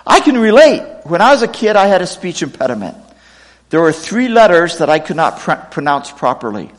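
A middle-aged man preaching a sermon, reading scripture quotes with expressive, dramatic delivery. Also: a little high, fairly quick, long reverb tail. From United States, raised partly in Pakistan. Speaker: pastor.

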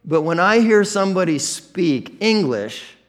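Male pastor, Midwestern American accent, candid conversational preaching, pitch a touch high. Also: big pitch swings, a little slow. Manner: conversational, self-deprecating, with many restarts. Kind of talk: sermon.

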